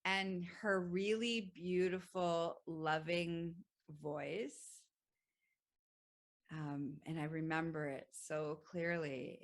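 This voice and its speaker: A woman hosting a podcast, telling a personal story in an animated way, laughing often and swearing freely. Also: fairly low pitch, slow. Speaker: podcast host.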